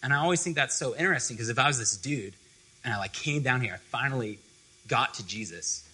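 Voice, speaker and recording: A man's voice: medium pitch, lively intonation, fast talker, bright, forceful tone, husky, rough recording. A young man giving a casual, conversational sermon to a student fellowship, full of "like" and loose asides. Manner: conversational, filler-heavy with frequent "like".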